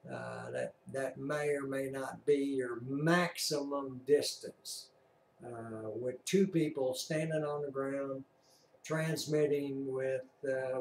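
A man giving a casual demonstration about handheld radio antennas, folksy and unhurried, with frequent "uh" pauses, check-in questions, and throat clearing. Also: fairly high pitch, reverberant. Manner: slow, folksy, many "uh" pauses and "all right?" check-ins.

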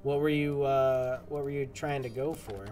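A man's voice: mid-range voice, steady tone, moderate pace, a little mellow. Chatty male gameplay streamer. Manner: chatty, rambling, talks to viewers. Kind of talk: casual gameplay commentary.

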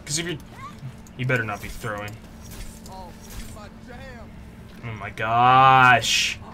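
A young man commentating his own competitive match, swinging between low muttering and frustrated yelling, his voice strained from shouting. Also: animated, normal speed, background noise. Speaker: gaming YouTuber. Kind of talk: live gameplay commentary.

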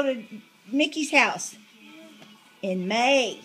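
A woman's voice: high-pitched, takes it slowly, slightly rough, soft background music. An older woman, a grandmother, talking to small children at home in a sing-song baby-talk voice, cheering and coaxing them. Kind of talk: home video, talking to little kids.

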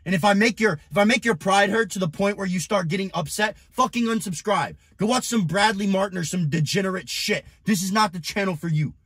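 Shouting, husky high-voiced man coach. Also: brisk, hardly any pauses, no echo. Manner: aggressive, profane, often shouting. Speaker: business and fitness coach. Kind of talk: motivational rant to camera.

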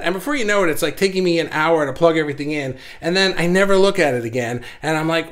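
A man hosting a casual livestream, talking fast and excitedly with lots of fillers and restarts, a bit out of breath. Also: a little high. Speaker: livestream host.

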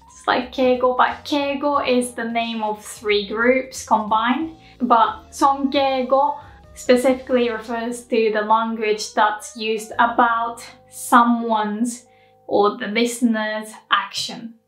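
Native Japanese woman teacher, slightly high voice, careful phrase demos, echoey room, soft music underneath. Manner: slow, careful modeling of phrases. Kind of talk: explanatory language lesson.

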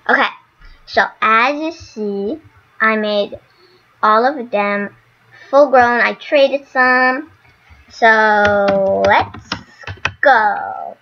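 A woman casually commenting on her gameplay, excitable and gushing. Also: on the high side, extremely slow, long pauses, lo-fi sound. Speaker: gaming channel host.

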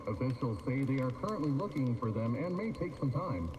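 A man's voice: mid-range voice, big pitch swings, a little fast, a little mellow, natural voice. A man voicing a news announcer in a video game, reading a formal scripted bulletin. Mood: urgent. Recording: echoey game audio with faint noise.

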